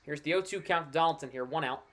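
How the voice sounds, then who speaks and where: Here a man calls a baseball game play by play on a casual live stream, talking fast in a fairly high voice. He chats easily, gets excitable on the big moments, and throws in passing asides.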